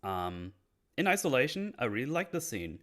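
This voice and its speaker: A man talking casually on a podcast, breaking down a TV episode, animated and swearing often. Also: medium pitch, moderate pace. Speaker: podcast host. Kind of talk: casual show breakdown chat.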